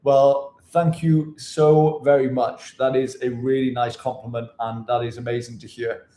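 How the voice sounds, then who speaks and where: A man vlogging in casual chat to camera, energetic and chatty, swearing freely, from his apartment. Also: medium pitch, unhurried. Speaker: travel vlogger. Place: apartment room, indoors. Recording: roomy echo in an apartment.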